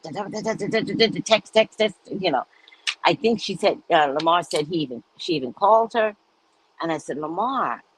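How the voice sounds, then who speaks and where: A woman's voice: lowish voice, husky, low-quality recording. A woman hosting a live stream, chatting casually and telling stories with frequent laughter. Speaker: host of live readings.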